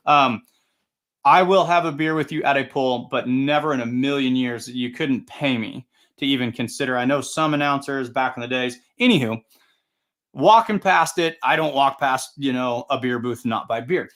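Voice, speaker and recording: A man's voice: medium pitch, moderate pace, a bit bright. Chatty, upbeat male show host. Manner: chatty, rambling, upbeat anecdotes. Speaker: tractor pull announcer and show host. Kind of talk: casual livestream storytelling.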